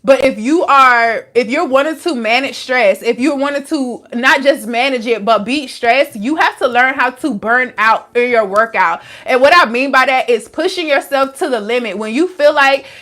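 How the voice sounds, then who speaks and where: A woman's voice: high-pitched, normal speed, hardly any pauses, sharp tone. A young adult woman, a wellness coach, talking frankly and casually to viewers with lots of slang. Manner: frank and chatty, with frequent "like" and slang. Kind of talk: casual live-stream talk answering viewers.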